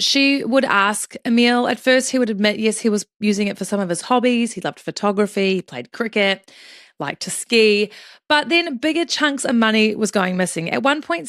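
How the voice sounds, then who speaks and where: A woman's voice: a little high, dry recording, studio quality. A woman hosting a true crime podcast, telling the story in a chatty, joking way with some swearing. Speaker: podcast host.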